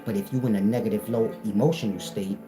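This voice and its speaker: Low-voiced dude preaching hard in aave, scolding folks, music going under him. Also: male voice, steady tone, quick pace, rough recording. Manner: confrontational, lecturing, repetitive rhetorical questions. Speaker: spiritual teacher. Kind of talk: preaching monologue. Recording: music playing behind the voice.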